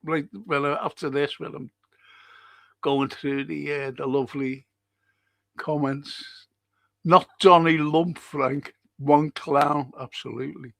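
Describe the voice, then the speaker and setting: A man's voice: mid-range voice, fairly even intonation, a little slow, vocal fry, pauses often, fairly bright tone, no room sound. An older man who hosts a casual livestream, chatting and greeting viewers as he reacts to their comments. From Liverpool, England. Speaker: livestream host and historian.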